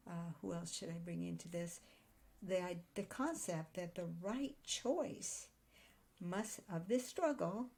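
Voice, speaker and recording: A woman teaching writers in a thoughtful, explanatory way, pausing to reason aloud as she goes. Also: on the low side, creaky, warm tone. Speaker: writing teacher. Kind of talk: daily video lesson on note-taking.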